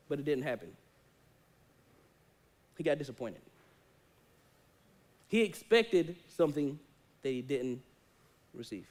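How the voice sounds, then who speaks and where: High-pitched male preacher, animated storyteller who acts out the characters. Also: slow, long pauses. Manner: animated storytelling, acting out quoted voices. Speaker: pastor. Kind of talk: sermon. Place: church sanctuary.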